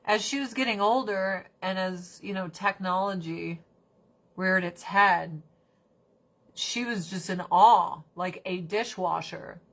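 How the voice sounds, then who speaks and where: A woman hosting a casual livestream chat, animated and fond of swearing, slipping into mocking put-on voices. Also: mid-range voice. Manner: swears casually, talks fast then drags words out. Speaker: livestream host.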